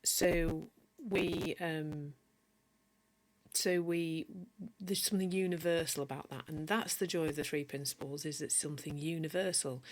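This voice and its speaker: A woman's voice: low-pitched, steady tone, a little slow. A woman from Yorkshire with a mild Yorkshire accent, giving a chatty live-streamed teaching talk as a coach and answering viewer comments as she goes. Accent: mild Yorkshire English. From Yorkshire, northern England. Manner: many restarts and self-corrections.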